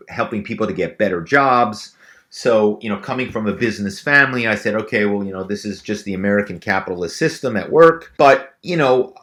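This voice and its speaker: Middle-aged guy spinning stories on a podcast, lowish voice, lots of you-knows. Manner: animated storyteller, many fillers and restarts. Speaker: guest, former actor and phone spy. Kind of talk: casual interview storytelling.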